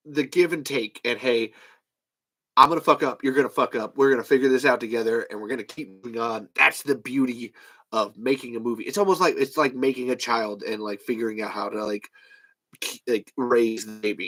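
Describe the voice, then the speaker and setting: A man hosting a fan podcast, telling stories in a lively, casual way, acting out conversations, laughing and swearing often. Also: medium pitch. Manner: animated storytelling, acts out quoted exchanges, laughs often, swears casually. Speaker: podcast host. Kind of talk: casual livestream chat.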